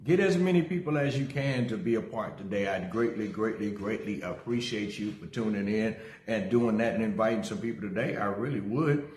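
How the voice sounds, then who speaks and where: Lively low-voiced male pastor, roomy echo. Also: brisk, few pauses. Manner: energetic, greets viewers by name, repeats calls to share. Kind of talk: casual livestream sermon with storytelling.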